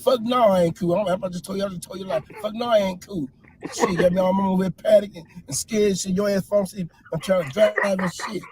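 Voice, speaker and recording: High voiced guy freaking out and cussing from the passenger seat, comedy skit. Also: fast, noisy background. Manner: frantic, profane, yelling.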